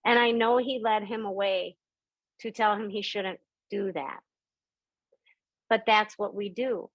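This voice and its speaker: A middle-aged woman talks over a video call in a relaxed teaching voice, moving between plain talk and animated acted-out quotes. Her voice sits at an average pitch in a dry, close sound with no room around it. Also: a little slow, no room sound, highs cut off. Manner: storytelling, acts out quoted voices with big pitch jumps. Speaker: spiritual teacher hosting a members' Q&A call. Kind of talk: conversational spiritual teaching.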